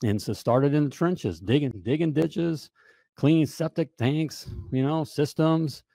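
A man coaching plumbers in a casual, joking sales pitch, often checking in with "all right?". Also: unhurried, gravelly, mellow, no room sound, clean studio sound. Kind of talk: casual promotional pitch to camera.

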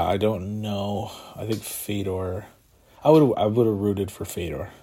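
A man talks on his own in a casual, rambling way, his voice very low and husky. He sounds tired and yawns, stacks fillers and restarts, and chuckles to himself now and then. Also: darkish tone. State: tired, yawning. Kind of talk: casual solo talk about combat sports.

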